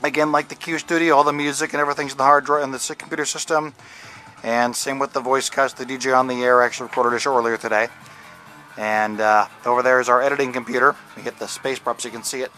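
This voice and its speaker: Bright-voiced man rambling on a tour. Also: mid-range voice, little pitch movement, quick pace, soft background music. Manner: rambling and jokey, many fillers and restarts. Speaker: radio DJ giving a station tour. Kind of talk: casual walking tour narration. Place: indoor radio station offices and studios.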